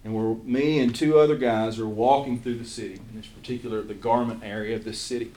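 A man with an Eastern Kentucky accent, a church missions pastor telling his calling story to a small group in earnest, halting speech. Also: medium pitch, steady tone, dark tone. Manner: earnest storytelling with frequent restarts. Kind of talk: casual testimony to a small group. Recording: roomy echo, faint room noise.

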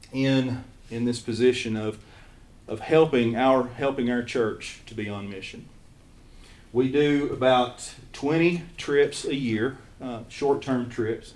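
A man with an Eastern Kentucky accent, a church missions pastor telling his calling story to a small group in earnest, halting speech. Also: medium pitch, a little mellow. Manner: earnest storytelling with frequent restarts. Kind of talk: casual testimony to a small group. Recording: roomy echo, faint room noise.

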